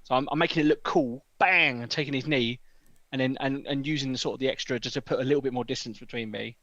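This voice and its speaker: Fast-talking man playing a tabletop game. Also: mid-range voice, a bit bright, no echo, highs cut off. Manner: quick, rambling, explains his moves at length. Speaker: player. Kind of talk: tabletop role-play chat.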